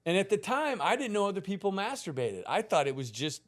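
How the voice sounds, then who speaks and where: A man around sixty, a podcast guest telling a long personal story in a casual, animated way, swearing freely and laughing through it. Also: sits high, a little fast. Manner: animated, profane, laughs through his stories.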